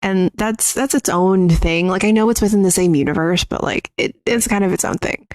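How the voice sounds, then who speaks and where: Sarcastic quick-talking podcast cohost, woman. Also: lowish voice, darkish tone, no room sound. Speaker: podcast co-host. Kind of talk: casual chat.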